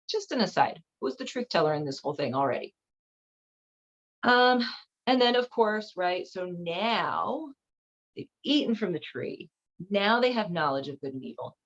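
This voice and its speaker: Chatty irreverent woman, lo-fi audio. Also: fairly low pitch. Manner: irreverent, chatty, filler-heavy. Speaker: host. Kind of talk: casual commentary. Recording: slightly dull lo-fi audio.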